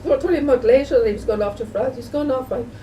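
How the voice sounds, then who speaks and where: Her voice high, mellow and expressive, a woman vlogger chats fast to the camera in casual home-video style, rambling, repeating herself and restarting often. The distant mic picks up faint background noise.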